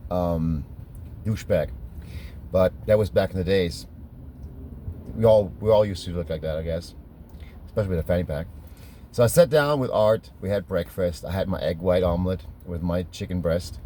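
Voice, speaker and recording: Middle-aged German-accented man, deep mellow voice, casual rambling storyteller who corrects himself often. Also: slight background noise. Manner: rambling, self-correcting, laughs at his own stories. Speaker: fitness trainer telling stories.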